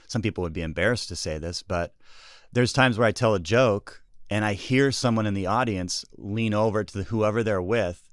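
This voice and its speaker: A man who is a comedian, talking as a podcast guest in a rambling, reflective, deadpan way. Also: lowish voice, moderate pace, clean tone, dry recording, studio quality. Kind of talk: casual podcast chat. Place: podcast studio.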